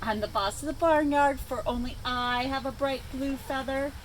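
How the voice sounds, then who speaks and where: A woman's voice: sits high, normal speed, a little hiss or hum, natural voice, low-quality recording. A woman voicing a vain, bossy rooster with an indignant, screechy manner in a read-aloud storybook.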